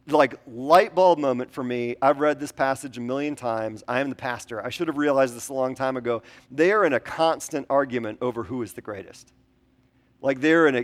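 A male pastor giving a conversational sermon, with frequent ums and rhetorical questions to the congregation. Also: mid-range voice.

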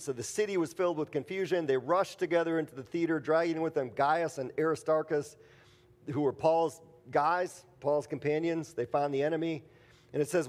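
A pastor preaches a conversational sermon, weaving scripture reading together with jokey everyday stories. His voice is fairly high pitched and a little mellow, with long hall reverb around it.

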